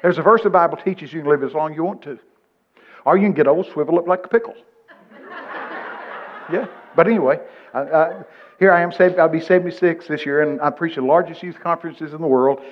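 A preacher in his seventies delivers a folksy sermon, weaving scripture into lively stories. His voice sits somewhat high for a man. The recording is dull and lo-fi. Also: brisk, slight background noise. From Texas. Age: 70s. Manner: folksy, animated storytelling with scripture quotes.

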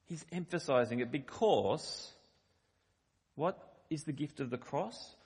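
A man's voice: fairly high pitch, animated, slow, a little mellow, husky. A middle-aged man giving a sermon in a conversational, emphatic way, reading scripture and explaining it. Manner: conversational, emphatic on quoted lines. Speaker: preacher. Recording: long hall reverb.

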